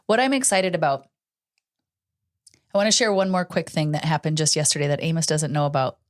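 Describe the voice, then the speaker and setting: A woman's voice: sits low, brisk. Earnest woman co-host telling a story. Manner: earnest storytelling, acts out quoted dialogue. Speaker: podcast co-host. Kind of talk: casual chat.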